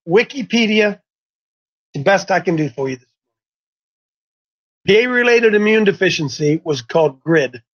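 Brief: defiant sermon voice, repeats lines, breathy texture, muffled recording. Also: medium pitch. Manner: mocking, blunt, repeats points. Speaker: preacher. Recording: dull lo-fi recording.

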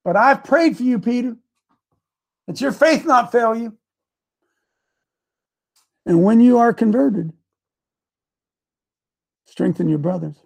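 A man leads a live show as preacher and host, walking through scripture with loose, slangy energy. His voice sits high and sounds a little husky. He acts the verses out in street talk rather than reading them. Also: animated, slow, long pauses.

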